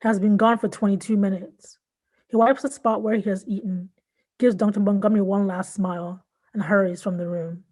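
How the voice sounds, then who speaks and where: A woman from Nigeria and Southern California reading her own fiction aloud in a measured, even way. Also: mid-range voice. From born in Nigeria, raised in Southern California. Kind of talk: literary reading.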